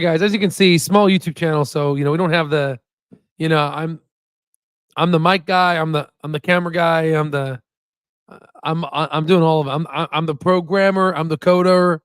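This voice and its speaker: A man's voice: a little high, clear, resonant tone, no room sound, studio quality. A man hosting his own stock investing channel in a casual, chatty way, often repeating himself and laughing easily into a new desk microphone. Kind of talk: casual livestream chat.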